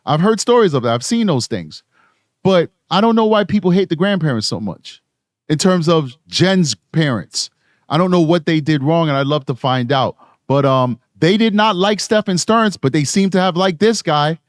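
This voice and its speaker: A man's voice: a little high, lively intonation, normal speed, no room sound, studio quality. A man from New York City giving rambling true crime commentary on a live stream, tired from lack of sleep. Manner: rambling, conversational, frequent restarts.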